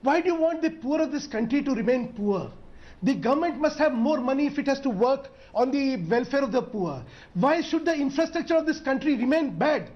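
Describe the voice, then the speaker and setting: A man's voice: very high-pitched, lively intonation, brisk, highs cut off. A man with an Indian English accent, a politician arguing insistently in a televised debate, pushing to finish his point. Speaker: politician guest. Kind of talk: heated TV debate.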